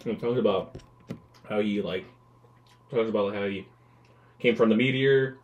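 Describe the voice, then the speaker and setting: A man's voice: lowish voice, normal speed, dull audio, a little hiss or hum. A young man chatting casually, rambling with lots of fillers and laughing often. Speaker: guest. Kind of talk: casual chat.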